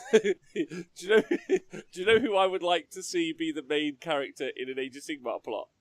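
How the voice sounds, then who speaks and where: A man's voice: fairly high pitch, moderate pace, no room sound. A man co-hosting a casual hobby podcast, joking around and laughing a lot. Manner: laughs a lot, animated, jokey. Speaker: podcast co-host. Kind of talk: casual chat.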